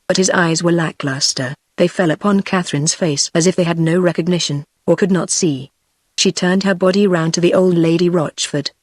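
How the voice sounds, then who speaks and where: A text-to-speech voice of a woman with a British accent, narrating an audiobook in an even, measured way. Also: on the low side, dry recording, studio quality. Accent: British English. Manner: even, measured synthetic delivery.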